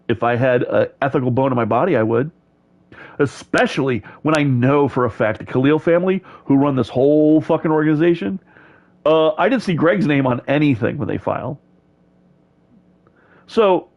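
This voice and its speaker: A man's voice: fairly high pitch, lo-fi sound. A man on a heated, profane rant, swearing constantly and repeating himself.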